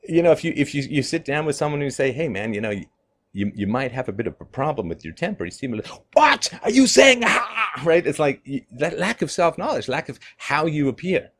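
A middle-aged man giving a monologue commentary, animated, often laughing and mimicking others in mocking quotes. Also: medium pitch, fast talker.

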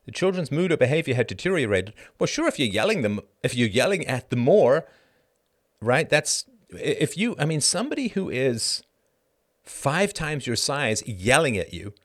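A middle-aged man hosting a live show, reading an article aloud and breaking off into sarcastic, emphatic commentary whose pitch climbs sharply when he gets indignant. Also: big pitch swings, normal speed. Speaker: podcast host.

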